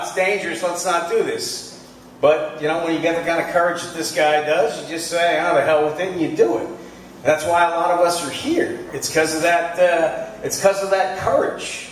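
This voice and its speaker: A man doing a live stand-up set on stage before an audience, animated and breaking into loud outbursts. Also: sits high. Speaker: stand-up comedian. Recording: echoey room, mic from far off.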